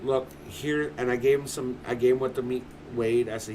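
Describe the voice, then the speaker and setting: A man's voice: medium pitch, fairly quick, hardly any pauses, background noise. A man streaming from home, telling a story in casual chat, swearing constantly and ranting with animation.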